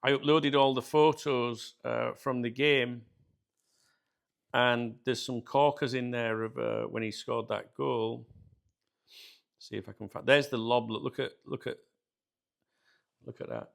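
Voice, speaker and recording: A British man tells a story straight to his viewers in a loose, chatty way. His voice has a gravelly edge and sits at a middle pitch. He laughs often and keeps calling his audience guys. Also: steady tone, unhurried, pauses often. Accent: British English. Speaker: channel host.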